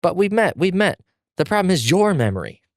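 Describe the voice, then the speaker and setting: A man's voice: expressive, measured pace, no room sound, clean studio sound. A man whining as a panicky cowardly boy. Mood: desperate. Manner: whiny, shrill, desperate pleading.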